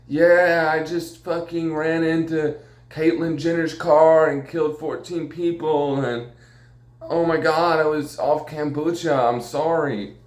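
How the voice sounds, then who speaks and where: Brief: a panicky party-girl starlet played by a man, pitched up, loud and flustered, in a roomy space. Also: fairly even intonation, slow. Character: ditzy panicked female celebrity, party-girl type.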